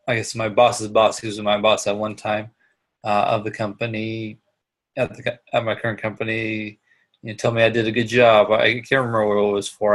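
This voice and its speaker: A middle-aged man with a gravelly, lowish voice leads an online business class. He talks earnestly and haltingly, restarting his sentences often as he shares personal reflections with his students. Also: fairly bright tone. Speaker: instructor. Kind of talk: online live class talk.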